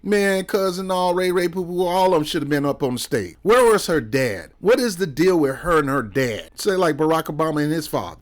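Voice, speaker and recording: Heated rambling male commentator. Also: fairly high pitch. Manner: heated, rambling, with sarcastic asides. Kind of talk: casual political commentary.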